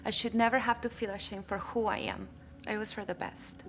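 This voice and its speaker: An actress with a Colombian Spanish accent playing a hesitant, pleading employee in a scripted drama. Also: female voice, medium pitch, fairly even intonation, a little fast, fairly bright tone, faint music behind, close to an everyday voice. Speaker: on-camera employee.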